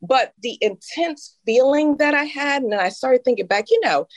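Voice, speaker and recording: A woman's voice: sits high, expressive, moderate pace, no echo. A woman in her fifties co-hosting a podcast, telling a personal story in a heartfelt, emotional way. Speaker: podcast co-host. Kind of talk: casual conversational podcast.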